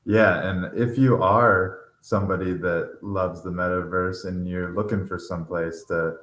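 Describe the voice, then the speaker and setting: A man's voice: sits low, steady tone, a little slow, fairly bright tone. A man hosting a casual podcast chat, rambling and laughing easily. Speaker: podcast host. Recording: roomy echo.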